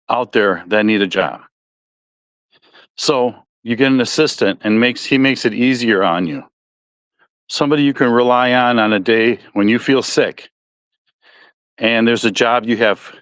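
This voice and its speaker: A man's voice: medium pitch, a bit bright, dry recording. Folksy Midwestern man with a dry sound. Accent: Midwestern American. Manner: rambling, self-correcting, folksy. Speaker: podcast host. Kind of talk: casual solo podcast talk.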